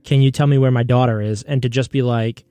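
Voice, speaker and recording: A man's voice: mid-range voice, fairly even intonation, quick pace, dark tone, clear, resonant tone, no echo. A man co-hosting a true crime podcast, chatting casually with sarcastic asides, swearing and mock voices. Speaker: podcast co-host.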